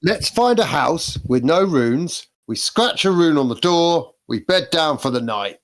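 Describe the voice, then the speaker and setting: Lively high-voiced male player. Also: unhurried. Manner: jokey, animated. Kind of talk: casual tabletop game banter.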